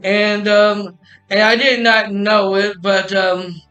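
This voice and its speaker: A man's voice: sits high, flat delivery, takes it slowly, bright, forceful tone, muffled recording, soft background music. A man telling a personal story in a casual, rambling way, often restarting and repeating "I said.".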